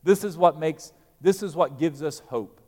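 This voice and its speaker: A male pastor, preaching a sermon that swings from loud, emphatic peaks to quiet, low asides. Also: unhurried, in a large hall.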